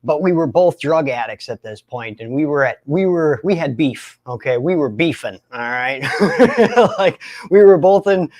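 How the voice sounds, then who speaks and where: A young man in recovery, telling his own story in an animated way, often laughing and acting out other voices. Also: on the high side, moderate pace, muffled recording. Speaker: recovery speaker. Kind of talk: storytelling talk.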